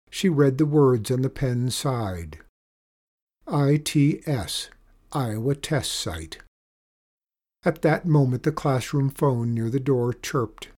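Man, storyteller, husky voice, mid pitch, reading a kids' story. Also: warm tone. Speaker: narrator. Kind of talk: reading a children's story aloud.

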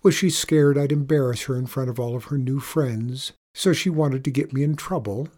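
A man with a husky voice narrating a story in a measured, low-key first-person telling. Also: a little mellow.

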